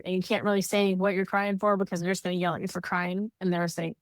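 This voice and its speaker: A woman co-hosting a podcast, talking candidly in casual heartfelt chat, animated when she quotes others. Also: mid-range voice, quick pace, dry recording, clean studio sound. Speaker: podcast co-host.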